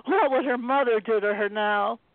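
A woman author reading a passage from her own novel aloud in a steady, even way. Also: a little high, normal speed, no echo. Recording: dry tinny phone-like line.

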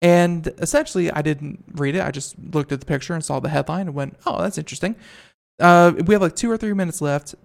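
A man with a slightly high, gravelly voice hosts a casual podcast. He keeps the talk moving and tells stories in a relaxed way. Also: fast, hardly any pauses. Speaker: podcast host.

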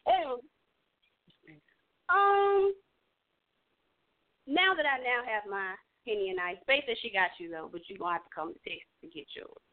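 Woman hosting a chat show, lively and playful with her voice, sounds like a phone line. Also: on the high side, moderate pace, pauses often. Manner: animated, playfully switches voices. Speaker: show host. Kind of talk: casual radio chat.

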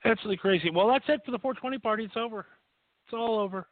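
A man's voice: high-pitched, racing, dry recording. A man co-hosting a casual chat, ranting with crude jokes. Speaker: podcast co-host. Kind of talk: casual profane banter. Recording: dry tinny phone-like audio.

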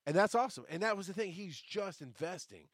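Animated, profane man hosting a podcast. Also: high-pitched, fairly quick, dry recording, clean studio sound. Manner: swears freely, rambling and animated; answers live chat comments mid-talk. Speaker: podcast host. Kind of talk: casual spoken monologue.

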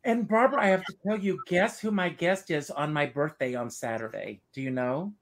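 A man's voice: a little high, brisk. A man hosting a casual interview, asking questions with eager enthusiasm. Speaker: host.

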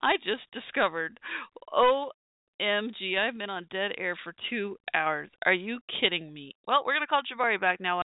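A woman's voice: medium pitch, expressive, normal speed, dry recording. Flustered woman hosting a call-in show. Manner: flustered, laughing, embarrassed. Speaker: talk show host. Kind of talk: call-in radio talk show. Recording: tinny phone-line sound.

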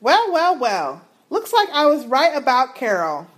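A woman co-hosting a relaxed podcast reads listener emails aloud. Her high voice moves around a lot, and she drops her own comments between the lines she reads. The tone is chatty and informal. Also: a little slow. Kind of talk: casual podcast chat.

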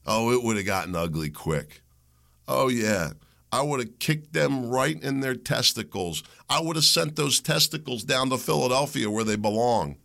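A middle-aged man, hosting a solo show and ranting in a heated, combative way that climbs into shouts. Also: medium pitch, normal speed, creaky. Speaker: podcast host. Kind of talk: opinionated solo monologue.

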